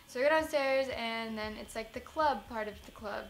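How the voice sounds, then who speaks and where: A woman's voice: fairly high pitch, fairly even intonation, brisk, few pauses, fairly bright tone, a little hiss or hum. A young American woman in a casual vlog, telling a story in a rambling, self-mocking way, full of "like". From United States. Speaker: vlogger.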